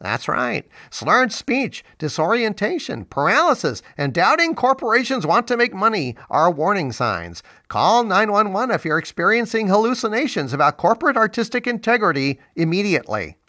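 A man's voice: high-pitched, big pitch swings, normal speed, few pauses, bright, forceful tone, voice pushed up, heavily acted. A man voicing a sarcastic, wisecracking male sidekick who mocks bluntly and swears. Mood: sarcastic deadpan. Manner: snarky, mocking, bluntly profane.

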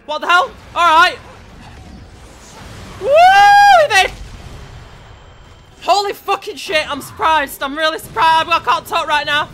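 A man giving live gameplay commentary as a let's play gamer, sweary and excitable, yelling at the game. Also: very high voice, moderate pace, few pauses, slight background noise.

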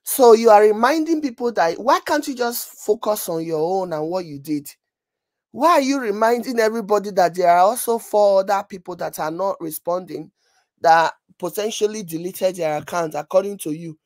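A woman's voice: mid-range voice, normal speed, a little mellow, dry recording. A woman with a Nigerian accent giving casual, mocking commentary on a video while scrolling for screenshots. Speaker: vlogger reacting to a video.

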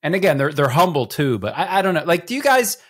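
A man co-hosting a podcast in a casual group chat, animated and rambling, with lots of fillers and self-deprecating asides. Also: a little high, fast, slightly rough. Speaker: podcast co-host.

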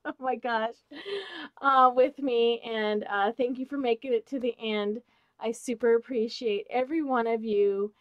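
Excited woman gushing over a craft haul. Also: a little high, normal speed, dry recording, narrow, tinny audio. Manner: gushing, excited, repeats "oh my gosh". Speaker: craft channel host. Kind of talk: unboxing haul vlog. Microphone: close mic, off camera.

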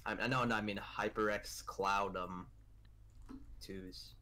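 An excitable young man chats and teases his friend while they play a game together. He talks into a headset mic and breaks into sudden loud yelps. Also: on the low side, takes it slowly, slight background noise. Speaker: friend and co-player. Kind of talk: casual gaming chat.

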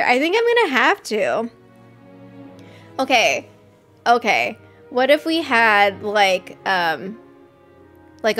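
A woman hosting a live stream, reacting excitedly to a game trailer, gushing and laughing often. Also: on the high side. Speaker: host.

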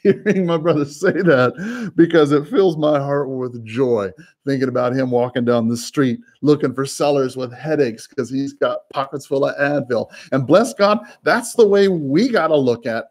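A man working as a real estate broker, coaching in a quick, chatty way and often repeating words and laughing. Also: mid-range voice, darkish tone. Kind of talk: coaching talk with live cold calls.

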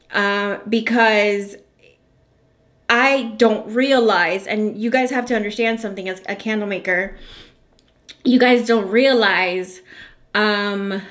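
A woman's voice: medium pitch, a bit bright. A woman who makes candles and hosts her own channel, talking to her viewers in a heartfelt, effusive way. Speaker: candle maker and channel host. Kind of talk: casual vlog talk to viewers.

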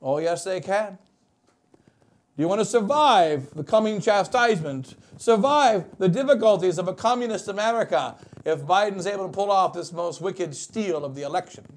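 Man, bishop, wedding sermon, high-pitched voice, loud stresses and hushed asides. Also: lively intonation, moderate pace. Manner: preaching with wide swings between loud emphasis and quiet asides.

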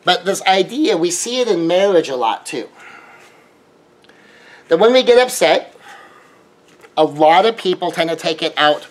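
Casual man, somewhat high. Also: lively intonation, moderate pace, long pauses. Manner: conversational, acts out quoted exchanges in a raised voice. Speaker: relationship teacher. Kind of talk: casual monologue.

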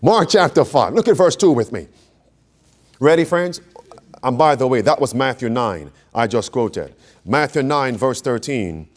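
A man's voice: medium pitch, animated, unhurried. A man preaching an interactive Bible study, quizzing his audience and repeating key phrases for emphasis. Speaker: preacher teaching a Bible class.

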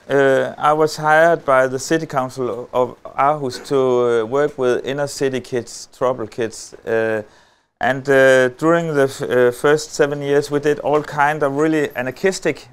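A middle-aged Danish man speaking on a stage at a conference, telling a story with wry humor and many halting filler sounds. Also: medium pitch, clear, resonant tone. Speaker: lecturer. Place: on a stage before an audience.

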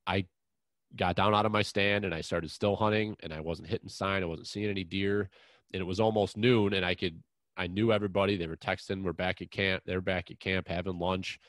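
Deep-voiced man, dry close sound. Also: fairly bright tone, no room sound. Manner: rambling, frank, restarts often, mild swearing. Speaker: podcast host. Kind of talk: casual chat, long personal anecdote.

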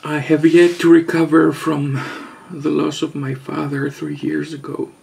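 A man vlogger giving a mock-serious confession, halting and hesitant, earnest and overwrought. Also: fairly high pitch, flat delivery, vocal fry, a little mellow. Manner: halting, hesitant, with long pauses.

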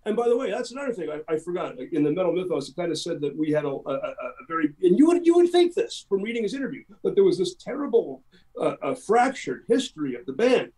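A man's voice: high voice, sing-song, fast, dark tone. A middle-aged Canadian man, a musician guest in a casual interview, talking in an emphatic, rambling way.

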